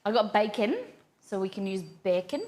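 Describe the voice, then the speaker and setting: A woman's voice: mid-range voice, normal speed, darkish tone, a little hiss or hum. A young woman hosting a cooking livestream, chatting casually and rambling as she reads her viewers' messages aloud.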